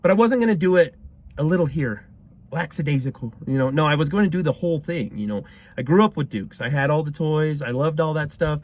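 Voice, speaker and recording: A man's voice: on the high side, animated, fairly quick, a little mellow, low-quality recording. A man in his thirties from Utah telling a long, rambling story in a casual way, laughing often and acting out the people he quotes. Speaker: car restorer telling a story.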